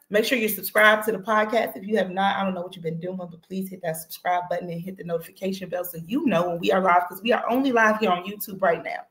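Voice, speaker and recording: Excitable chatty woman hosting a podcast. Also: mid-range voice. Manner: excitable, chatty, laughs easily, slangy. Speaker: podcast host. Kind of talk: casual livestream chat.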